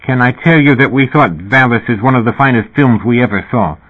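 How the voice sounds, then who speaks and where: A man's voice: mid-range voice, brisk, slightly rough, voice pushed up, lightly acted. A man voicing a genial, amused male musician with a slight British accent and a twinkling, lilting manner. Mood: chatty. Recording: tinny phone-like audio.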